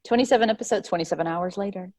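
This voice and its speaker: A woman hosting a casual panel chat over a video call, speaking earnestly and warmly about her cast, with many filler "likes". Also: mid-range voice, racing. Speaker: casting director and show host.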